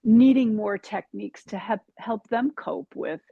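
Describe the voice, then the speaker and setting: Slow gravelly husky woman. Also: mid-range voice, dry recording, highs cut off. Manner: slow and halting, many restarts and ums. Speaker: yoga teacher. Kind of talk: casual spiritual chat.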